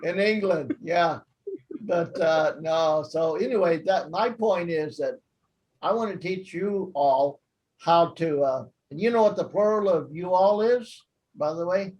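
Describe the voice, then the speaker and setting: A man's voice: fairly high pitch, unhurried, darkish tone, dull audio. A middle-aged American man hosting a casual language class, chatty and jokey, laughing at his own asides. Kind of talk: casual teaching chat.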